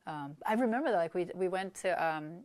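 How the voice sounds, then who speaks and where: An American woman in her fifties, a guest in a casual interview, telling lively anecdotes and acting out the people she quotes. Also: lowish voice, moderate pace. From United States. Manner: animated storyteller who acts out the people she quotes.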